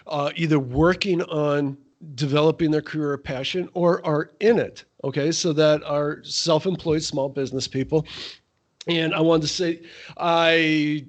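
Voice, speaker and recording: A middle-aged man co-hosting a podcast in casual chat, moving from stories to practical business tips. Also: fairly high pitch. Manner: conversational, steers to practical tips. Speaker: podcast co-host.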